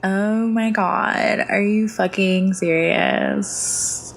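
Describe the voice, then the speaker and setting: A woman putting on a melodramatic rich California valley girl voice, with shrill, exaggerated outbursts. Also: steady tone, drawn-out words, creaky, slight background noise. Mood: outraged.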